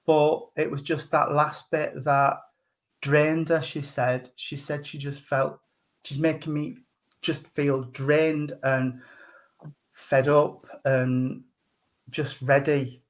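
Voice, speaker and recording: A man giving a mediumship reading at a service, speaking gently and hesitantly with many pauses. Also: on the high side, level tone. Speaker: spiritualist medium.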